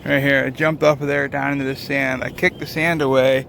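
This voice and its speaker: This trucker has a gravelly, slightly bright mid-range voice with little pitch movement and talks a little fast. Strolling a lakeside rest area with his phone in hand, he films a casual vlog, rambling and swearing constantly as his mind wanders. Slight background noise is audible.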